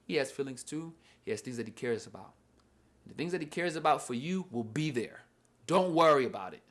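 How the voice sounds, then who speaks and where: A man's voice: medium pitch, animated, fairly quick, a bit bright. A young man giving a casual, earnest Bible lesson, rambling and repeating "you know what I mean.". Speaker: Bible study teacher. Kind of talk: casual devotional talk.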